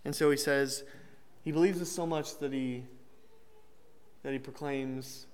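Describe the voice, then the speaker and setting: A man's voice: medium pitch, steady tone, unhurried, long pauses, a little mellow, clear, resonant tone. A young man giving a conversational sermon, joking lightly and restarting his sentences as he explains a Bible passage. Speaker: preacher. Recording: long hall reverb.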